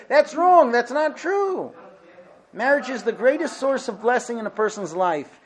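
High-voiced man lecturing with emphasis. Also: lively intonation, measured pace. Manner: emphatic, with rhetorical questions. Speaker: teacher of a marriage class. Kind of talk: lecture to a class.

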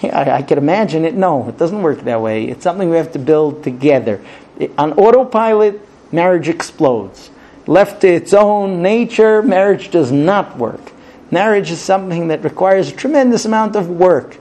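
High, lively man giving a marriage talk. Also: moderate pace. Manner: animated, acts out squabbling spouses in quoted dialogue; quotes Hebrew phrases, then translates them. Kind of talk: spoken lecture.

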